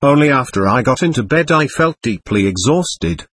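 A man reading a first-person memoir aloud in a plain, measured storytelling manner. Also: medium pitch, animated, a bit bright, slightly rough, no room sound.

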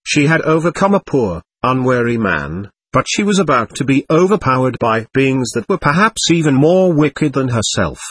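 A man narrating an audiobook in an expressive, animated way. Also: medium pitch, normal speed, few pauses, slightly rough, no room sound.

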